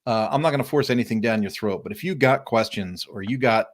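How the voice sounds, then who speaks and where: A middle-aged man hosting a casual live-streamed interview, telling lively stories and acting out friendly greetings. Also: mid-range voice, fast talker. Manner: animated storyteller, acts out friendly greetings. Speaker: podcast host. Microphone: remote live-stream call.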